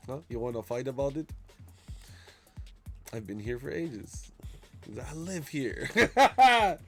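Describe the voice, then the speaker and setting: A young man streaming a game live, chatting casually and jokingly, sometimes bursting into loud shouts. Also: mid-range voice, a little slow, faint music behind. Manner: excitable, jokey, bursts into shouts. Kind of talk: live gaming commentary.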